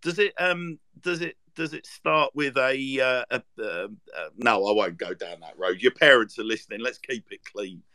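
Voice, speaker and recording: A man's voice: medium pitch, normal speed, few pauses, pushed and bright, dry recording. A man hosting a casual podcast chat, jokey and teasing, with lots of fillers. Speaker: podcast host.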